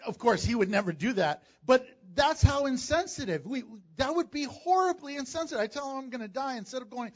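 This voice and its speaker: A man preaching a sermon as pastor, animated and jokey, acting out the voices of people in the story. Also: extremely high pitch, fairly quick, hardly any pauses, lo-fi sound.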